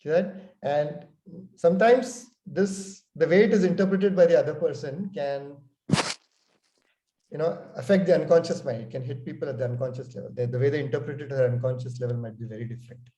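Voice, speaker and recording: A man's voice: on the high side, a little fast, dark tone, dull audio. A man leading an online sales training workshop, talking conversationally over a video call. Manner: conversational, frequent "okay" and "you know". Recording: echoey room.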